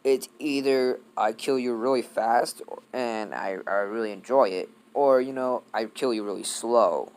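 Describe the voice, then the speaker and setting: A man's voice: mid-range voice, a little slow, darkish tone, clear, resonant tone, close to an everyday voice. A man voicing a cocky, all-powerful young male hero who speaks smugly and teasingly. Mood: menacing. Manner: smug, teasing.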